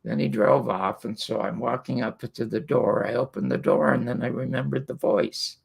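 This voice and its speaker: Older male guest from Canada, gravelly, rambling raconteur. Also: medium pitch, moderate pace. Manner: rambling, many fillers and restarts. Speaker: guest storyteller. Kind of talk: casual anecdotal storytelling.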